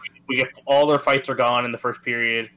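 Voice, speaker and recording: A man's voice: medium pitch, level tone, fairly quick, pushed and bright, poor audio. A man in his thirties from Atlantic Canada, co-hosting a gaming podcast in easygoing casual chat. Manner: easygoing, many fillers and restarts. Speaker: podcast co-host.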